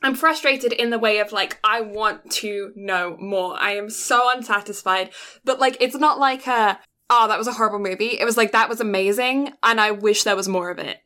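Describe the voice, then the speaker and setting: A woman co-hosting a casual podcast, retelling a film's plot in an animated way with quick quoted voices. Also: mid-range voice. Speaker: podcast co-host. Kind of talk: casual film recap chat.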